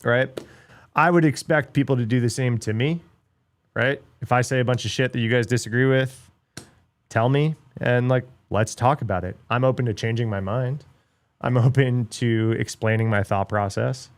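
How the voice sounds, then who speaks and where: A man's voice: medium pitch, normal speed, no room sound. A middle-aged man hosting a livestream, ranting bluntly in casual chat with lots of swearing and filler words. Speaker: livestream host.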